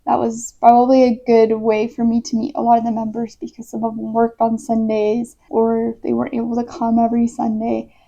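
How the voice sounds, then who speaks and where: A chatty young American woman tells a story in a casual vlog, with a mellow, slightly high voice. Her voice has a gravelly fry and plenty of "like" fillers. The sound is dull and lo-fi. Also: monotone, fairly quick, few pauses. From United States. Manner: chatty, many "like" fillers, laughs easily. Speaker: missionary. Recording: dull lo-fi recording.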